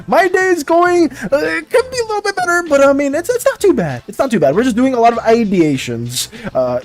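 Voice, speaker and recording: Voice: mid-range voice, darkish tone. An art streamer chatting casually with viewers while drawing, greeting each one by name and rambling through restarts. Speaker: livestream artist chatting with viewers.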